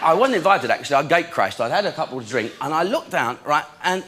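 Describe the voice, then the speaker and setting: A man's voice: on the high side, sing-song, fast, a bit bright. A man doing a chatty stand-up routine, telling a story and acting out both sides of each conversation. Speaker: stand-up comedian. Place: large theatre stage.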